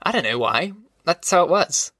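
A man's voice: on the high side, big pitch swings, moderate pace, sharp tone, no room sound, pitched above the performer's own voice, full character voice. An eager migrant man, as an audiobook narrator puts him on, spilling a movie plot in a chatty, folksy way. He turns a little defensive when he is challenged, and the sound is dry. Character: eager young male migrant retelling a movie.

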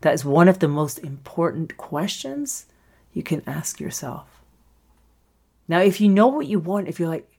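This is a woman hosting her own podcast and coaching listeners on their creative work. She speaks in a slightly low voice and keeps it lively, laughing easily and slipping into the voices of the people she quotes. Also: measured pace, creaky. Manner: animated, acts out quoted voices, laughs often. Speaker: podcast host and screenwriting coach. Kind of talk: solo podcast monologue.

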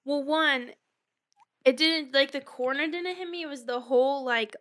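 A woman's voice: high-pitched, normal speed, a bit bright. A young woman in casual chat, talking with lots of "like" fillers.

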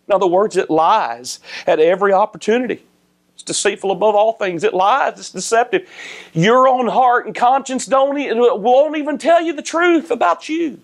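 Man preaching, swinging from high to hushed. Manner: rises high and loud for emphasis, then drops low and soft. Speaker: pastor. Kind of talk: sermon.

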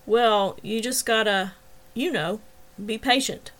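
A kind young firefighter speaks patiently and reassuringly, as a woman reads him aloud. His tone stays steady in a storybook reading. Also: high-pitched, slow, poor audio. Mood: cheerful.

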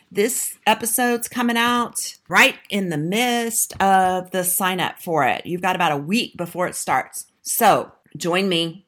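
A woman's voice: mid-range voice, fairly bright tone. A woman hosting her own marriage-coaching podcast, talking straight to listeners in an emphatic, direct way. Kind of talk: solo podcast talk with a sign-up pitch.

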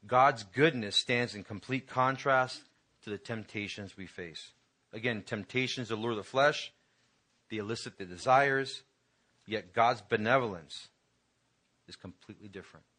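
A man's voice: lowish voice, measured pace, sharp tone. A man pastor preaching a conversational sermon to his congregation, building to emphatic peaks.

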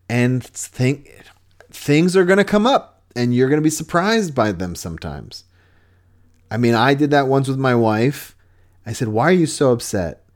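A podcast host with a medium-pitched, somewhat dark male voice offers relationship advice. He sounds earnest and conversational, restarting his sentences often.

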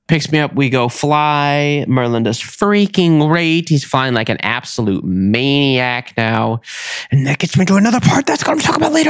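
Animated man telling a story, dry sound. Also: mid-range voice, no echo. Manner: animated, exasperated, acts out both sides of conversations. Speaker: podcast host. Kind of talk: casual storytelling monologue.

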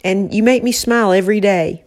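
A podcast co-host speaks from an office in a casual, heartfelt chat with her mother, affectionate and emotional, now and then teasing her. Her mid-range voice is a little mellow and brisk.

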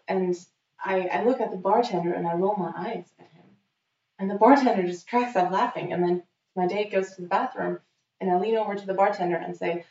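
A woman's voice: medium pitch, vocal fry, recorded from a distance. A woman telling a funny story in casual chat, acting out what people said. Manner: lively storyteller acting out quotes. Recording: dull, roomy, off-mic sound.

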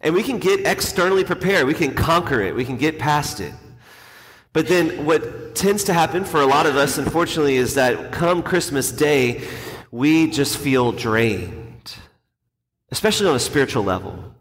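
A man's voice: a little high, animated, normal speed, a bit bright. A man, a priest, telling a self-deprecating story in a casual, conversational homily. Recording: long hall reverb, faint ambience.

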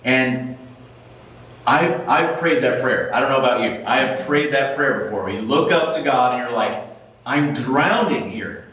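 A man's voice: mid-range voice, a little fast, few pauses, fairly bright tone. A man preaching a casual sermon, reading scripture and asking his listeners questions. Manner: conversational, asks the listeners questions. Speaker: pastor. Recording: echoey room, mic far off.

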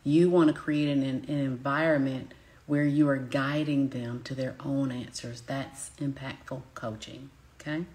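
Southern woman, business coach, low voice, emphatic live-teaching delivery. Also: fairly even intonation, measured pace, darkish tone. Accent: Southern American. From Southern United States. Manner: emphatic, addresses audience directly with repeated check-ins.

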